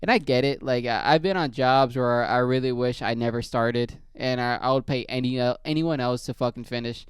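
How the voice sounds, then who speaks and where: A man rambling through a story full of swearing, in a low-key, casual way. His voice is very clear and smooth, with a mid-range pitch. The sound is dry and close. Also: brisk, hardly any pauses, no echo. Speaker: podcast host.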